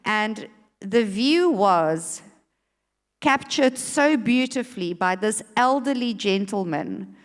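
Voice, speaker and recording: A woman panelist telling a measured story during remarks at a public dialogue. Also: mid-range voice, lively intonation. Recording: long reverb of a venue hall.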